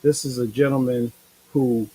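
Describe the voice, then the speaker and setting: A man's voice: medium pitch, fairly even intonation, normal speed, mellow, slight background noise, low-quality recording. A tired man hosting a casual live-stream chat, rambling in a laid-back, slangy way with lots of fillers. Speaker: show host.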